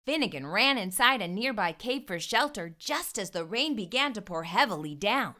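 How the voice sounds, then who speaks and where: A woman hosting a children's storytime, reading a picture book aloud in an expressive, animated way. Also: medium pitch, normal speed. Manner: warm expressive read-aloud. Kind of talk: read-aloud storytelling for kids.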